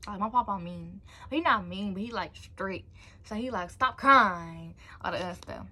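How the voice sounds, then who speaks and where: A woman's voice: mid-range voice, normal speed, fairly bright tone, breathy edge. A young woman tells a personal story on her vlog with loose, slangy energy. She sprinkles in casual asides as she goes, and her voice sits in a middling register. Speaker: vlogger.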